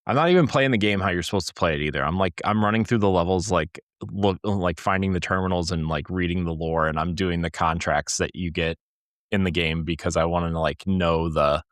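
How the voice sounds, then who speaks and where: A young man with a low, deep voice co-hosts a gaming podcast, rambling cheerfully and piling on fillers as he goes. The sound is dry and close, with no room around him. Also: fairly quick, no room sound. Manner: rambling, animated, full of fillers. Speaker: podcast co-host. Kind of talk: casual chat.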